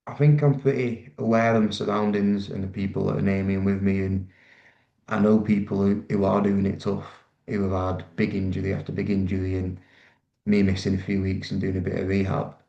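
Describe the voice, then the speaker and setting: A man, a rugby player relaxed and self-deprecating as he tells stories in an interview, with many ums and restarts. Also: low voice, fairly quick, creaky. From Manchester, England. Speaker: rugby league player guest. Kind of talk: casual interview storytelling. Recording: echoey, dull room sound.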